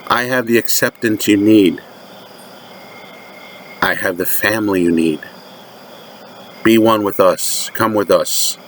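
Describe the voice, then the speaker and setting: A man's voice: fairly low pitch, takes it slowly, long pauses, slight background noise. A man doing a honeyed, coaxing recruiter. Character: smooth coaxing recruiter luring a wounded person.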